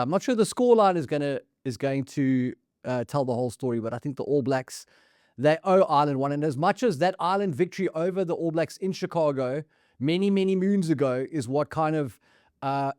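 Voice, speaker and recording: Rugby podcast co-host: man, slightly high voice, dry close mic, banters and says "mate" a lot. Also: a little mellow, no room sound. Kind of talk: casual rugby chat.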